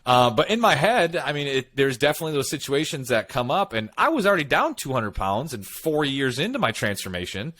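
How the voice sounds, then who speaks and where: A man's voice: medium pitch, a little fast, hardly any pauses. A man co-hosting a podcast, telling personal stories in casual chat and acting out what he and others said. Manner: animated storytelling, quotes himself and others. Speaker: podcast co-host.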